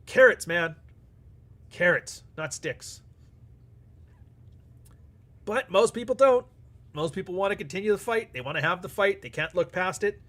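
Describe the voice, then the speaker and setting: The man's voice sits high, with lively intonation, a normal speed, frequent pauses, and a bit of brightness. He's hosting a live stream and handling super chats with blunt, casual talk, lots of swearing, and acted-out back-and-forth exchanges.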